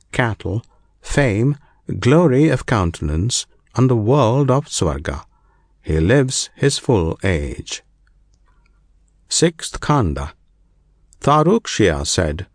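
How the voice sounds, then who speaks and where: A man reads ancient scripture in a slow, deliberate, solemn cadence. His pitch rises and falls expressively across each phrase, and the recording is dry and close with no room sound. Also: no room sound. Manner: slow, measured, solemn reading. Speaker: narrator.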